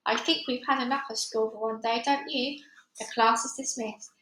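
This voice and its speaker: Storybook teacher: gentle, soothing young woman voiced by a female reader, bright tone. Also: fairly high pitch, fairly even intonation, moderate pace, reverberant, natural voice.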